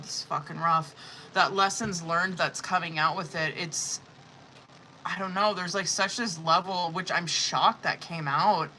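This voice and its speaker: A woman's voice: low voice, bright, forceful tone, a little hiss or hum, rough recording. A woman running a live-streamed tarot reading in a casual, rambling way, with heavy swearing, many fillers and exasperated asides. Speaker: tarot reader.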